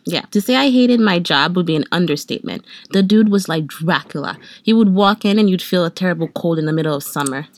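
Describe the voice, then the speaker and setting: Woman podcast co-host, lowish voice, wry, dry close sound. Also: expressive, fast talker, hardly any pauses, no echo. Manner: laughs often, wry and dramatic. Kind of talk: casual chat.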